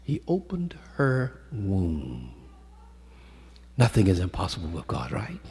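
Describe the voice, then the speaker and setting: Husky low-voiced male preacher in echoey hall. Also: wildly swooping pitch, slow pace. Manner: swings from loud calls to hushed storytelling, calls out to the congregation. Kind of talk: sermon. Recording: echoey hall with long reverb.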